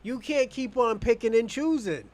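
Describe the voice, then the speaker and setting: Combative, high-voiced American man. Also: normal speed, darkish tone. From United States. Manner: combative, blunt and profane. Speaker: online show host. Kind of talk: heated live debate.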